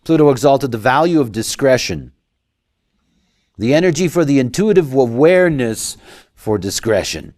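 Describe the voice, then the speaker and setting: A man giving a lecture, talking in an animated way and acting out quoted voices. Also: mid-range voice, normal speed. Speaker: lecturer on human design.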